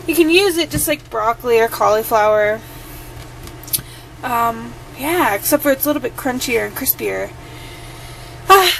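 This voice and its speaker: Chatty woman showing her dinner recipe, kinda high and gravelly, noisy recording. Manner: chatty, with frequent ums. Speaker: home cook. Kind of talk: casual cooking tutorial.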